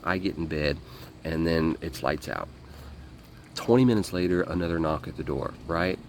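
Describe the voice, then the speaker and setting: A man telling a story as an interview guest, animated, acting out what people said and swearing freely. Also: rumbling low, moderate pace, a little hiss or hum. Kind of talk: casual storytelling.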